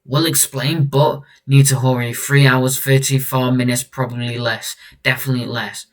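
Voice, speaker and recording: A man's voice: mid-range voice, level tone, moderate pace, distant mic, close to an everyday voice. A man reading out a terse masked male vigilante who talks in clipped, broken sentences with dropped words. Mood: curt.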